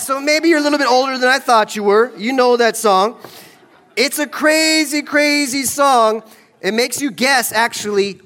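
Fairly high-voiced guy pastor chatting with first graders, playful, big church room. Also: sharp tone. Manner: playful, addressing kids directly. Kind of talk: children's sermon. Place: large church sanctuary.

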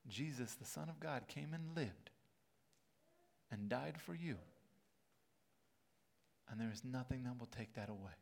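A male pastor delivers a sermon in a church sanctuary. His earnest, mid-pitched voice builds to emphatic peaks as he presses his points. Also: lively intonation, a little slow, vocal fry, pauses often.

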